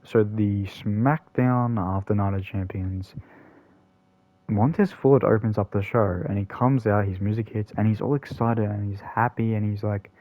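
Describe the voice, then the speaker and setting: Brief: lower-voiced male gaming host, casual rambling commentary, dead dry lo-fi mic. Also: steady tone, unhurried, no echo. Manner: rambling, filler-heavy, self-correcting.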